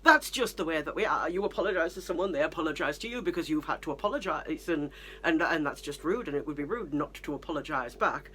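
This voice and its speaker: A British woman vlogger rambles through stories to camera in a chatty, self-deprecating way. Her voice is low-pitched and fairly bright, with lively intonation and a fast delivery. A little hiss or hum sits under the recording.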